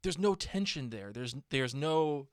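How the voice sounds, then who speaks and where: A man's voice: mid-range voice, lively intonation, measured pace, no echo, clean studio sound. A man co-hosting a podcast in casual chat, reading listener emails aloud. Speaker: podcast co-host.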